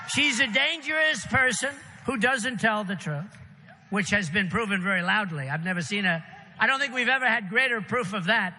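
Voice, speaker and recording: A man speaks at a political rally, his voice high and very bright, with a forceful edge. He rambles and repeats himself, throwing punchy asides at the crowd. The sound carries a long arena reverb over faint background ambience. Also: normal speed. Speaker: political candidate. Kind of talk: campaign rally speech. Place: large rally venue.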